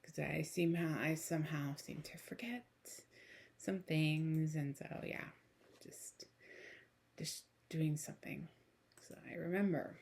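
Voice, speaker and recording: A woman talks through a casual book review in a rough, gravelly morning voice that sits a little low. She rambles, restarts her sentences and fills the gaps with plenty of ums. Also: takes it slowly, darkish tone. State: raspy morning voice.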